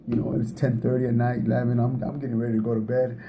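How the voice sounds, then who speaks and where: A man's voice: mid-range voice, little pitch movement, fast talker, mellow, a little hiss or hum. A man giving a casual talk on relationships, speaking in a conversational way, often repeating words and laughing at himself.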